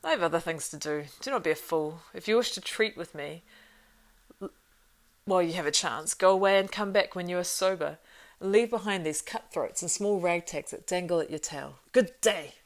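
A woman reading the part of a bitter, scornful fallen old male wizard in an audiobook, with a gravelly voice that sneers and climbs high. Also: normal speed, close to an everyday voice. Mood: raging. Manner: sneering, rising to screams.

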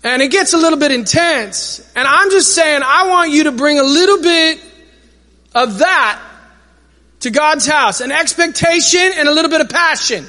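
A man preaches in a large church hall, his high, bright voice ringing out with long reverb. He keeps the congregation involved, asking them to repeat words back to him. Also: normal speed. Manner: energetic, calls for crowd responses. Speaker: pastor. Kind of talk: sermon.

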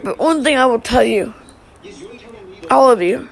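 A middle-aged woman speaks in a high, fry-laced voice during a live stream. Her message to her family is emotional and halting, broken by sighs and restarts. The gravel in her voice sits under a voice pitched well above most women's. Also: animated, low-quality recording.

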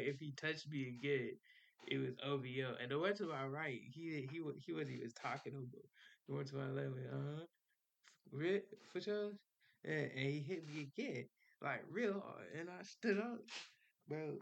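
A man's voice: medium pitch, gravelly, a bit bright. A young man hosting a podcast, telling a personal story in casual slang, swearing and laughing as he goes. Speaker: podcast host.

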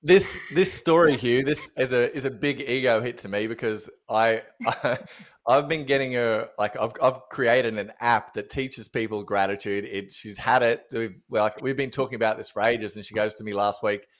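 A man's voice: medium pitch, normal speed. A man co-hosting a podcast, chatty and joking, laughing often as he tells stories. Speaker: podcast co-host. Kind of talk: casual podcast chat.

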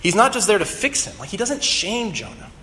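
A man's voice: high-pitched, very animated, brisk, bright, forceful tone. A young adult man preaching a conversational sermon with casual ums and restarts. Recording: long hall reverb, faint room noise.

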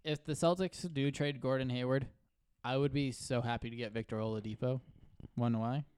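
A man co-hosting a casual sports podcast, cracking deadpan jokes and quickly walking them back. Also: mid-range voice, smooth. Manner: wisecracking, deadpan jokes then quick takebacks. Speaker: podcast co-host.

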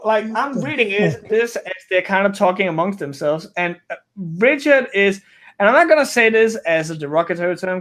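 High-voiced rambling male storyteller. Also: a bit bright. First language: not English. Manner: rambling, frequent restarts and self-corrections. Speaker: guest storyteller. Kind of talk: casual podcast chat.

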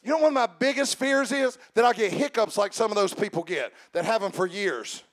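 A high-pitched man delivers a sermon straight to his congregation. He swings from slow, shouted emphasis to quiet, joking asides. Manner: addresses the congregation directly with humor. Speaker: preacher.

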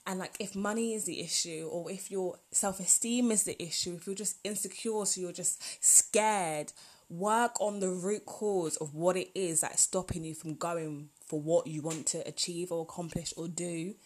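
A woman's voice: lowish voice, steady tone, normal speed, a little mellow, breathy edge. A woman, hosting a solo podcast in a chatty, rambling, heartfelt way. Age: 20s. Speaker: podcast host. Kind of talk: casual solo podcast talk.

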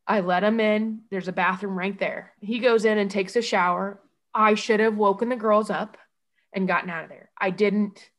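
A woman from Iowa recounting a personal ordeal as a mother, in a halting, emotional way with many false starts. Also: mid-range voice, steady tone. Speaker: mother telling her own story.

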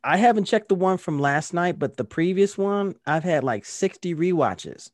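A man's voice: high voice, normal speed, no echo. Dry-voiced man in his fifties, chatting. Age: 50s. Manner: animated storyteller acting out quotes. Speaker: podcast co-host. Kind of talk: casual chat.

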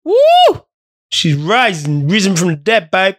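A man's voice: on the high side, normal speed, a bit bright. A young man hosting a casual podcast, rambling, swearing and joking while stoned. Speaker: podcast host.

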